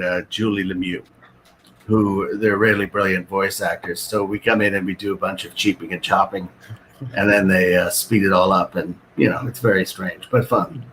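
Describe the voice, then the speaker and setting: Animated man telling anecdotes. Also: lowish voice, slight background noise, low-quality recording. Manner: animated, self-deprecating storytelling. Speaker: guest actor. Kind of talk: casual chat.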